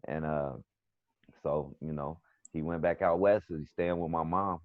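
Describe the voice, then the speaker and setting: Middle-aged New York comedian, very deep voice, loose storyteller, dull lo-fi call audio. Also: male voice, fairly even intonation, moderate pace, dry recording. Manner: rambling, storytelling with quoted back-and-forth. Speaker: comedian and barber guest. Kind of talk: casual video-call chat. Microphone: video call.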